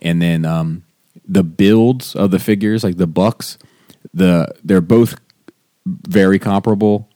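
A man's voice: deep voice, slow, dark tone, dry recording, clean studio sound. A man hosting a podcast, chatting casually and hesitantly with lots of fillers and restarts. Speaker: podcast host. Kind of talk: casual chat.

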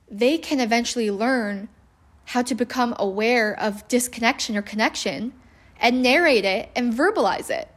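Woman podcast host with a slightly high voice, earnest and conversational, speaking solo on parenting. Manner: earnest, conversational, with occasional laughs.

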